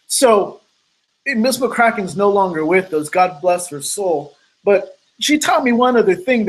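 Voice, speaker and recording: A motivational speaker telling a personal story in an earnest storytelling manner, acting out the quoted lines, over an online video call. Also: male voice, high voice, breathy edge, rough recording.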